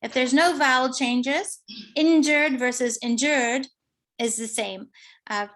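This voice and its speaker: Presenting her research at an academic conference, a woman explains each finding in sequence, pausing often and leaning on fillers. Her pitch sits fairly high, with a slightly bright quality.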